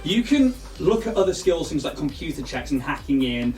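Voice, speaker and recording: A man's voice: fairly high pitch, very animated, normal speed, a little mellow, roomy sound, far from the mic, soft background music. A man, narrating a tabletop game as game master in a casual, rambling way full of fillers.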